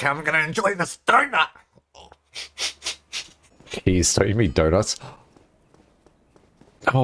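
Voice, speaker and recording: A young man streamer telling a story in a casual, animated way while gaming, laughing and swearing often. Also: on the low side.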